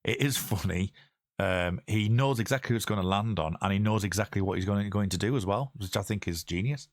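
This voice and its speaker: A low-pitched man hosts a podcast in a loose, casual chat. He rambles and restarts his sentences as he works through a point. His voice sounds close and dry, with no room around it. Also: a little fast, dry recording. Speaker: podcast host.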